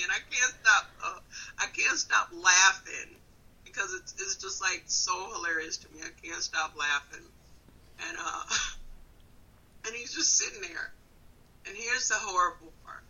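A woman from Wisconsin, a comedian in her thirties, telling a story in casual chat on a phone call, animated and laughing often. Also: medium pitch, measured pace, slightly rough. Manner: animated, laughing often, swings between loud and quiet. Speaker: comedian guest.

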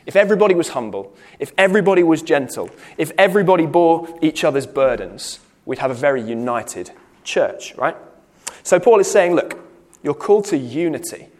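A man's voice: a little high, animated, fairly quick, a little mellow. A man leading a Bible study in a church hall, explaining a passage with frequent "okay"s and restarts. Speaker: Bible teacher.

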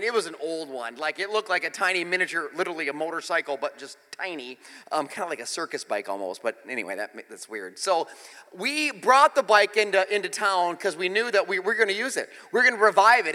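Man, pastor, sermon, high bright voice, chatty self-mocking storyteller, long hall reverb. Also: expressive, fast talker.

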